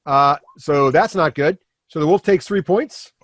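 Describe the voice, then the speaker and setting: High-voiced man running a tabletop game. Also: a little slow, no echo. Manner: lively, animated descriptions with sound effects. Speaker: dungeon master.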